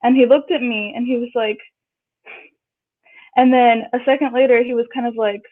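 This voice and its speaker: A woman guest with a fairly high voice tells a personal story in casual chat, at normal speed with a steady tone. She's chatty and acts out what people said in raised voices. The audio is tinny, like a phone line.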